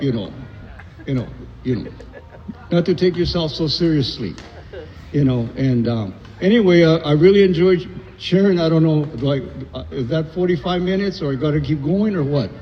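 An older man telling his recovery story at a meeting, rambling with many fillers and restarts. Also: fairly high pitch. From Southern California. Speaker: AA meeting speaker. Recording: echoey hall, dull lo-fi sound.

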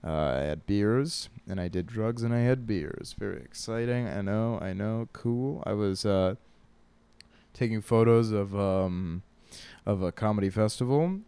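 A man's voice: on the low side, a little slow, mellow, clean tone, no room sound. A man, a stand-up comic, hosting a casual comedic monologue, rambling and profane and often laughing at his own jokes. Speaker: podcast host and stand-up comic.

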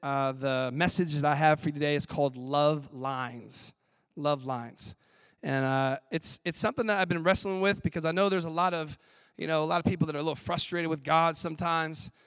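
A man who is a professor preaching a chapel sermon in an animated, playful way. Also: a little high, fairly quick, smooth. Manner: animated, playful, acts out skits with laughs. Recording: long hall reverb.

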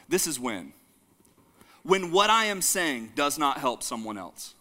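A man preaching a sermon, animated, joking and calling the congregation to say lines back. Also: a little high, moderate pace. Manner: jokes and laughs with the audience. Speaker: pastor.

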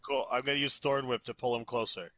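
A man's voice: mid-range voice, fast talker. A man playing a tabletop game, joking around and laughing in casual chat. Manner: jokey, animated, laughing. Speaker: player.

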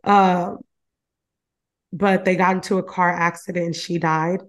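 A woman host casually recaps a novel's plot, talking loosely, swearing freely, laughing often and relying on fillers like "you know." Her fairly low voice moves little in pitch and keeps a measured pace.

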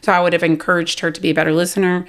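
A middle-aged woman with a Southern US accent, a guest on an interview, talking in a quick, chatty way and laughing easily. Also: lowish voice, flat delivery. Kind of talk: casual interview chat.

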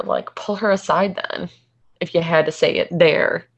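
A woman in relaxed casual chat as a podcast co-host, retelling reality-TV scenes with quotes. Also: on the low side, normal speed, gravelly.

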